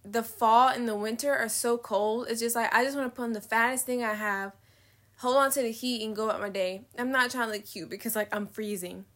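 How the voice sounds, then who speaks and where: A young woman talks straight to the camera in a loose confessional vlog, rambling from one thought to the next with lots of slang and swearing. Her voice sits a little high and has a bright, crisp edge. She often trails off and laughs between thoughts. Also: fairly even intonation, a little fast. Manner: rambling, candid, slangy and profane. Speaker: vlogger. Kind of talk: casual confessional vlog chat.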